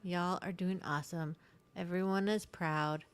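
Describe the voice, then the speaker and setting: A woman's voice: lowish voice, steady tone, measured pace, clear, resonant tone. A woman co-hosting a casual podcast, chatting and reading viewer comments aloud. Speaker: podcast co-host.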